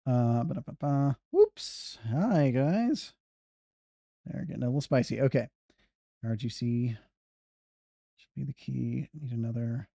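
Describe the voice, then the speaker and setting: Mellow-voiced man muttering through a game. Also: mid-range voice, vocal fry, breathy edge, no echo, studio quality. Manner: muttering, humming to himself while planning moves. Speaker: streamer playing a video game. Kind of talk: casual gameplay commentary.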